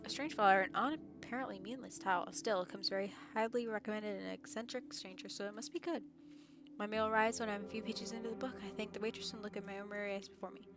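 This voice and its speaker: A woman's voice: mid-range voice, fairly even intonation, fast talker. A young woman streaming, chatting casually and reading a visual novel aloud, somewhat out of breath and stumbling over words now and then. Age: young adult. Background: game music.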